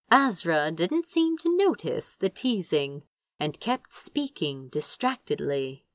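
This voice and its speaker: Slow, expressive woman narrator. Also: on the low side, no echo, studio quality. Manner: expressive, measured storytelling. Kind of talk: audiobook narration.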